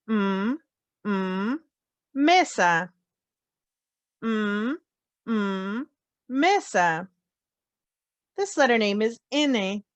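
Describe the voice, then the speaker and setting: A woman teaching a phonics lesson, slowly sounding out letters and repeating each word with care. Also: on the high side, no echo. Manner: slow, carefully sounds out letters and words. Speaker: language teacher. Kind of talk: slow children's phonics lesson.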